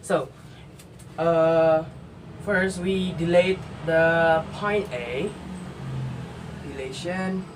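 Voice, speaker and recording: A man talks through a math lesson slowly, pausing often and restarting words. He sits well back from the mic in an indoor room. A steady air-conditioner hum runs beneath his voice. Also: a little high, recorded from a distance. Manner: slow, halting, step-by-step with fillers and self-corrections. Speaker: student explaining math.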